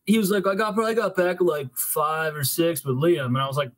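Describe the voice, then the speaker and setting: A man from a camera crew chatting quickly and jumping in with his side of a story. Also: fairly high pitch, fairly bright tone, no room sound. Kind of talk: casual storytelling chat.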